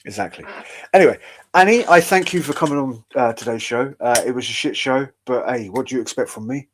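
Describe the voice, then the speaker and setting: A man's voice: medium pitch, brisk, a little hiss or hum. Rambling man hosting a show. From United Kingdom. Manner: rambling, profane, wry. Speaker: podcast host. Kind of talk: casual chat.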